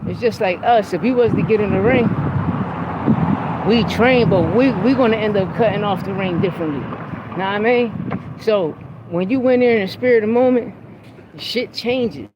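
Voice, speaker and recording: A man's voice: high voice, normal speed, lo-fi sound, background noise. A man hosting a podcast, talking about boxing in a blunt, profane, heated way. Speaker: podcast host. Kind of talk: casual opinionated sports talk.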